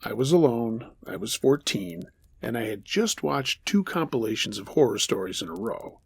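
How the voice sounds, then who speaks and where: A man narrating a true horror story as the host of a storytelling show, measured with dry humor. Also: mid-range voice, sing-song, creaky, breathy edge, no room sound.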